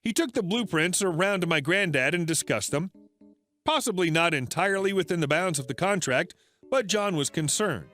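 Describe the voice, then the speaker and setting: Male storyteller, high-pitched, scripted narration over faint music. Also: animated, normal speed, pushed and bright.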